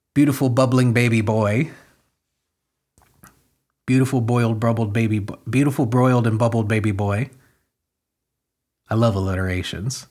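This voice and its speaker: A man hosts a comedy podcast, reading local news aloud and tearing into it with crude, sarcastic jokes. His mid-pitched voice swings widely and often leaps into loud, high outbursts. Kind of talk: satirical news commentary, reading headlines aloud and riffing.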